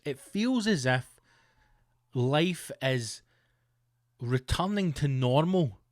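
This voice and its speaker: Rambling Scottish comedian, dry close sound. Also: male voice, mid-range voice, no room sound. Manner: rambling, jokey, self-mocking. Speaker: podcast host, comedian. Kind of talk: casual comic monologue.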